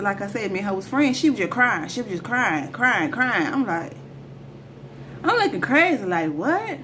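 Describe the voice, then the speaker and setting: A woman with a fairly high, fairly bright voice tells a personal story straight to her viewers in a casual storytime vlog, using slang. There's a little hiss or hum in the recording.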